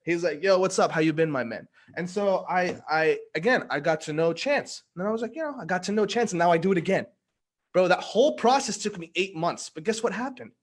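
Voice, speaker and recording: A young man telling a story in casual conversation, slangy and animated, acting out what people said. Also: sits high, fairly quick. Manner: slangy, animated, acts out quoted dialogue. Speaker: guest giving a testimonial.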